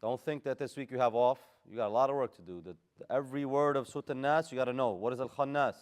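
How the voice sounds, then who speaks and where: A man's voice: mid-range voice, fast, clean tone. A man teaching Quran recitation in a class, giving casual, direct corrections and modeling the Arabic sounds. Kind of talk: live tajweed class instruction.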